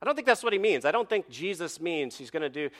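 A man preaching a sermon with dramatic pauses and rhetorical questions, reading scripture and telling a story to his congregation. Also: a little high, big pitch swings, fairly bright tone. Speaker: pastor.

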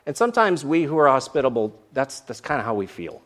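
A man's voice: medium pitch, sing-song, fast talker, hardly any pauses, fairly bright tone. A man who is a pastor, preaching a sermon in church and acting out grumbling lines with animation.

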